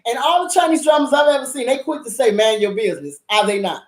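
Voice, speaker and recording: A woman's voice: high voice, lively intonation, fast talker. A woman host reviewing a drama in a casual, blunt rant, swearing heavily and repeating herself for emphasis. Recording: echoey room.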